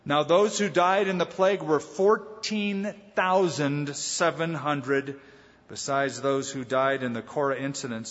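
A man pastor preaching a conversational Bible teaching, with dramatic pauses and voiced quotes. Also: medium pitch, fairly bright tone. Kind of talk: sermon. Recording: dull lo-fi sound with long hall reverb.

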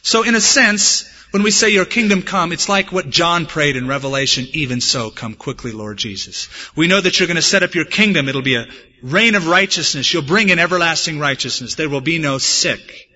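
Male pastor from the States, sermon delivery, earnest with touches of humor, sharp ringing tone, muffled recording with long reverb. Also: on the high side, a little fast. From United States. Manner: earnest preaching mixed with humorous personal stories. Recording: dull, echoey church hall recording.

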